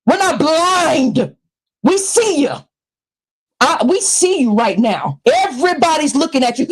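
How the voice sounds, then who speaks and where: High-voiced woman ranting on a livestream. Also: expressive, measured pace, low-quality recording. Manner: confrontational, taunting, preachy; swings between low mutters and high shrieks. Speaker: live streamer. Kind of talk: livestream rant reading a letter aloud.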